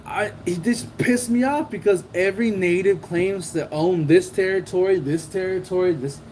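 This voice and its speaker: High-voiced man swearing through a story. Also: normal speed, hardly any pauses, a little mellow, a little hiss or hum, low-quality recording. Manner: profane, streetwise slang, acts out quotes. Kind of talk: casual anecdote telling.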